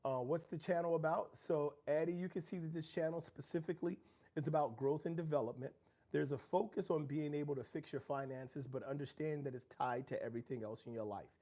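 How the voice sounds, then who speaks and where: A man's voice: fairly high pitch, fairly quick, dark tone. Earnest man preaching motivation. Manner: earnest, preachy, reads out viewer chat. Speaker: livestream host. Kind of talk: motivational livestream talk. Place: home.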